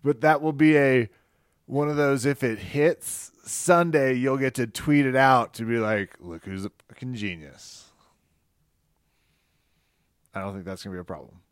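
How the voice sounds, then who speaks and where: A man's voice: medium pitch, measured pace, long pauses, no echo. A man co-hosting a podcast in casual chat, wisecracking, swearing and laughing easily. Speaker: podcast co-host.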